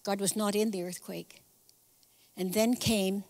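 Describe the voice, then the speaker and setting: A woman giving a sermon as guest speaker, telling the story in a lively, conversational way with casual asides. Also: medium pitch, unhurried, in a large hall. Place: church sanctuary.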